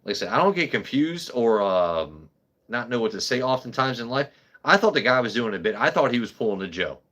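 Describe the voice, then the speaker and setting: A man's voice: medium pitch, brisk. Rambling, foul-mouthed man telling stories. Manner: rambling, profane, animated. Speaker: host. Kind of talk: casual livestream storytelling.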